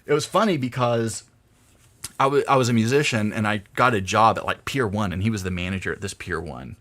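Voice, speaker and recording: A man's voice: on the low side, a little fast, fairly bright tone. A young adult man chatting casually on a game stream, rambling through stories and laughing often. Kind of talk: casual gameplay stream chat.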